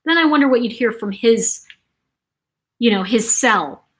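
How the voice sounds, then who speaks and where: A woman from New York City hosting a casual live-stream chat, reading viewer comments aloud and telling stories in a chatty, animated way. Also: a little high, a little slow, slightly rough. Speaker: host.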